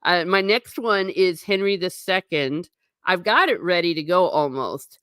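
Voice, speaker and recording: A woman hosting a casual livestream, reading out viewer comments and answering them in an animated, sarcastic way with blunt asides. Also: lowish voice, a little slow, clean tone, no room sound, clean studio sound. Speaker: host.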